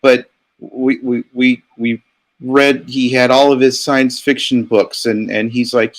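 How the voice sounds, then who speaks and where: A man's voice: medium pitch, steady tone, unhurried. A man co-hosting a stream, reminiscing casually with chuckles and many fillers. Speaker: co-host. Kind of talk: casual chat.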